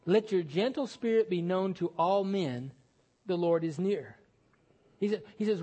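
A man's voice: high-pitched, unhurried, mellow, husky. A middle-aged man preaching a sermon as pastor, conversational and self-deprecating, with sudden lifts of the voice for emphasis.

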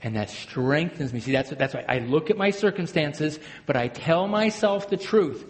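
A man preaching a sermon as a pastor, swinging between loud emphatic bursts and hushed, low phrases. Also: animated, moderate pace. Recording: long hall reverb.

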